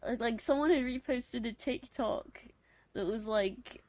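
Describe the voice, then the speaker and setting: A woman with a posh British accent and a husky, deepish voice, chatting casually on a late-night stream in a rambling, giggly, self-mocking way. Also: measured pace, a little mellow, no echo. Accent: posh British English. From Britain. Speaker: live streamer.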